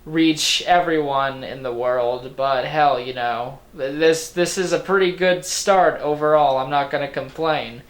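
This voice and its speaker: A man lazily putting on the voice of a heroic woman, flat and offhand in a mocking quote. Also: a little high, a little slow, hardly any pauses, roomy sound, close to an everyday voice.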